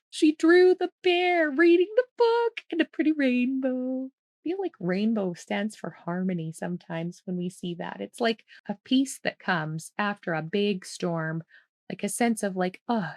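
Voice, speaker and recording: A woman's voice: medium pitch, moderate pace, dry recording. Mom-ish woman doing storytime, voice bouncing all over, dry close sound, giggly asides for kids. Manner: animated, laughing, playful asides to children. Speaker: children's storytime host. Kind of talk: reading a picture book aloud to kids.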